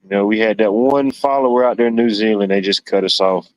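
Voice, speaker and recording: A man's voice: on the low side, a little fast, no echo, low-quality recording. A man hosting a livestream in casual chat, rambling and joking, with "you know" sprinkled throughout. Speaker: livestream host.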